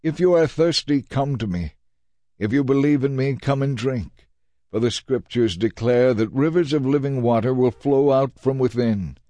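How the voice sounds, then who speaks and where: A man voicing Jesus as a calm, authoritative teacher making measured, earnest declarations in a dramatized Bible reading. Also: sits low, breathy edge, no room sound, heavily acted.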